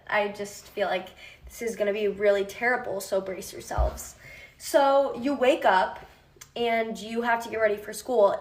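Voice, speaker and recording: A woman casually narrating a second-person storytime game, a little hesitant. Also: fairly high pitch. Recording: roomy echo, far from mic.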